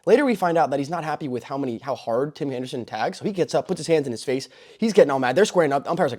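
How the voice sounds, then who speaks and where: A young man hosting a sports show, recapping a baseball brawl with excitable commentary and loud exclamations. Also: fairly high pitch, racing, hardly any pauses. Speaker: host.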